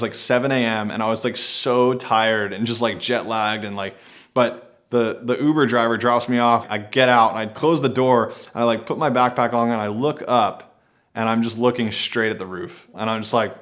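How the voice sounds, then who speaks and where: A man's voice: mid-range voice, steady tone, normal speed, a bit bright. Man, casual storytelling to camera, laid-back and rambling, mid-range voice. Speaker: adventure athlete telling a personal story.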